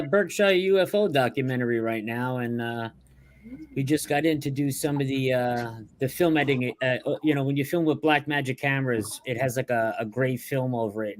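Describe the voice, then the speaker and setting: Casting: quick friendly man from New York, calling in from a hotel room. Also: medium pitch. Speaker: guest. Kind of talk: casual chat over a video call.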